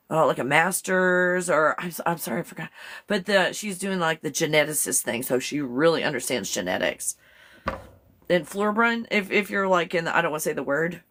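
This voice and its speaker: A woman's voice: fairly low pitch, fairly bright tone. A woman hosting a casual live stream, chatty and rambling, often giggling and breaking off to talk to her dog. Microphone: phone.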